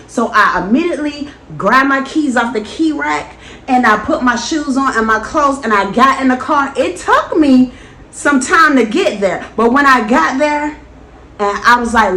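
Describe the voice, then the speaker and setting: A woman delivers an earnest, preachy personal testimony, her voice sitting a little high. The recording sounds echoey, as if made in a bare room. A faint background noise runs underneath. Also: moderate pace, bright, forceful tone. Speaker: vlogger.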